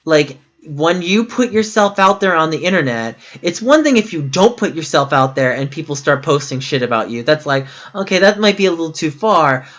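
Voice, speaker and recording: A man's voice: on the high side, a bit bright. A man streaming a game, talking frankly and at length in casual chat, often restarting his sentences. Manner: frank, rambling, with many restarts.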